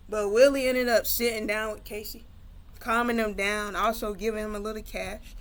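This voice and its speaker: A woman's voice: medium pitch, steady tone, fairly quick. A woman casually retelling her own story, loose and conversational with many fillers.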